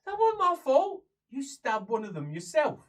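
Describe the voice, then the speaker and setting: A woman voicing a foul-mouthed, excitable woman spy who stammers and swears. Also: high-pitched, moderate pace, far from the mic, voice pushed up. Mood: indignant.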